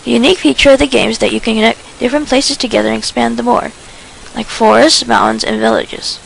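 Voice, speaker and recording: An eager, friendly teenage boy who loves games and explains them earnestly, as a woman reads him. The voice is somewhat high and heavily gravelly. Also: lively intonation, fast talker, a little hiss or hum, rough recording.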